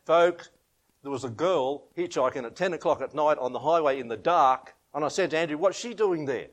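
A middle-aged Australian pastor delivers an informal sermon, reading scripture, leading a prayer and telling homely anecdotes that he laughs at himself. His voice is a little high and brisk, and his storytelling is chatty.

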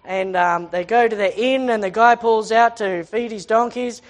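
A woman's voice: on the high side, moderate pace. A woman who teaches the Bible in a chatty way, asking rhetorical questions and reading scripture aloud.

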